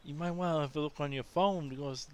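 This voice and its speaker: A man's voice: fast talker, smooth, close to an everyday voice. A man voicing an easygoing young Australian local with an Australian accent, casual and amused. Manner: casual, amused, high-pitched.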